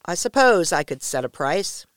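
A woman's voice: fairly low pitch, sing-song, normal speed, clean tone, dry recording, clean studio sound. A woman voicing a haughty, domineering duchess who gives cold, clipped orders.

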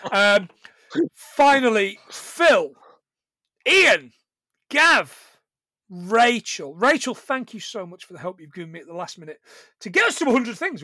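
Lively, sweary male podcast host. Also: high-pitched, dry recording. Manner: sweary, animated, laughs often. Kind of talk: casual podcast chat.

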